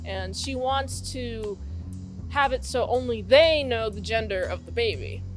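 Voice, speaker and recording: Young woman w a high voice rambling thru a movie plot, swears a bit, slow talker. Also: lively intonation, faint music behind. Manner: rambling plot retelling with swearing and giggly asides. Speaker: movie reviewer. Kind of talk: casual movie review recap.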